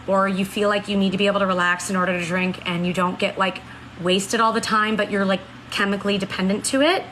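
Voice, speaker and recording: A woman's voice: a little high, bright, forceful tone, a little hiss or hum, poor audio. A woman in her late thirties chatting earnestly on a live stream, reading out and answering viewer comments. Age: 30s. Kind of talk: casual live-stream chat.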